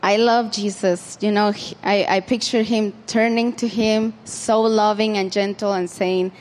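A woman's voice: medium pitch, steady tone, a little slow, long reverb tail. Woman preaching in a chatty, informal way. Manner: conversational, with many fillers and restarts. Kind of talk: informal sermon.

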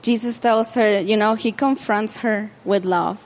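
A woman's voice: mid-range voice, steady tone, measured pace, big-room sound. A woman preaching an informal sermon in a conversational way, with frequent fillers and restarts.

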